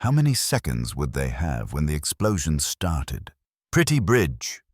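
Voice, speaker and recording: Very deep-voiced male narrator. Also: very animated, moderate pace, darkish tone, slightly rough, no room sound, clean studio sound. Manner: grave, dramatic storytelling. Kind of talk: scripted narration.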